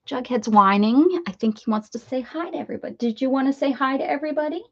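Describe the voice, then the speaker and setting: A woman's voice: high-pitched, quick pace. A woman chatting casually while crafting on a live stream, greeting viewers by name and talking to her pets. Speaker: crafting livestream host. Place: home craft room. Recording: dull lo-fi stream audio.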